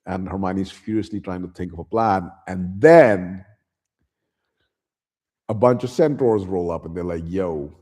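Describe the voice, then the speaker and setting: A man's voice: sits low, a little slow, long pauses, mellow. A man retelling a book in a casual recap, loose and slangy, with chuckling asides. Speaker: YouTube host retelling a book.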